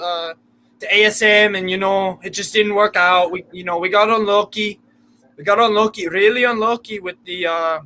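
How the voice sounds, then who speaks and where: A man faking a halting Geordie football manager. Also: high voice, sharp tone, poor audio. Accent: attempted Geordie. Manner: halting, rambling, full of fillers. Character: bumbling male football manager, excuse-making.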